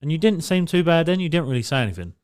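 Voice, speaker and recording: A man's voice: a little high, big pitch swings, racing, darkish tone. A man co-hosting a podcast, telling a story in casual chat and swearing freely. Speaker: podcast co-host.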